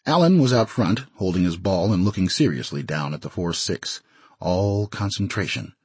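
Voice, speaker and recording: A man's voice: low-pitched, expressive, normal speed, husky, no room sound. A man narrating an audiobook story expressively, in a dry studio recording. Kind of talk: scripted narration.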